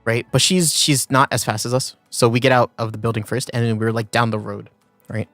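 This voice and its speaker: A man's voice: medium pitch, level tone, fairly quick, a bit bright, no echo, faint music behind. Rambling male streamer telling a story. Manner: rambling storytelling with many fillers. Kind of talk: casual chat.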